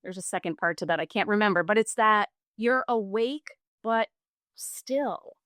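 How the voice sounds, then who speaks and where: A middle-aged woman, a yoga teacher and bodyworker, guesting on a podcast and telling stories in an animated way. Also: medium pitch, normal speed, no echo, clean studio sound. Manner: animated storytelling, acts out quoted clients. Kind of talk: casual conversational interview.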